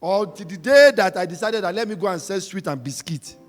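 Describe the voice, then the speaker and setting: A man preaching a sermon, emphatic and repetitive, swinging between shouting and quiet talk. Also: high-pitched, lively intonation, fairly quick, few pauses, big-room sound, soft background music.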